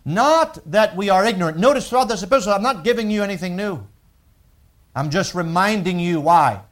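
Male preacher, high voice, very expressive pitch, building emphatic sermon delivery. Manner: reads scripture slowly, then preaches with rising emphasis and repetition.

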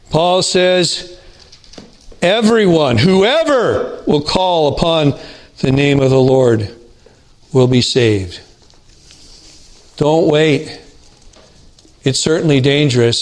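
A man preaching a sermon to his congregation, earnest and deliberate, slowing down to stress key words. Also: medium pitch. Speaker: pastor.

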